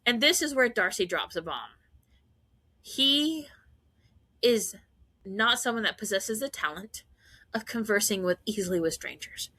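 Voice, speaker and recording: A woman podcast host giving a casual, animated fan recap, gushing and laughing often. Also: medium pitch, unhurried, pauses often, no echo.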